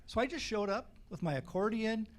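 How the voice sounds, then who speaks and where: A man's voice: high-pitched, animated, brisk. A man, a band member guest, telling funny stories in a casual interview in a community TV studio. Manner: joking, chuckles through his stories.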